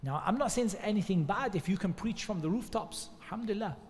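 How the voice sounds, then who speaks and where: A man's voice: high voice, expressive, fast, a little mellow, big-room sound, a little hiss or hum. A man giving earnest, conversational religious advice, often repeating devotional phrases as he talks. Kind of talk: informal religious advice talk.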